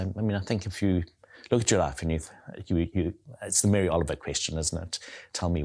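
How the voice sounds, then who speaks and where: Low, husky man with a softened South African accent; a reflective guest who circles back on his words. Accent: South African, softened by years in New Zealand. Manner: thoughtful, repeats words while searching for phrasing. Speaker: guest, leadership coach and theologian. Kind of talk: conversational interview.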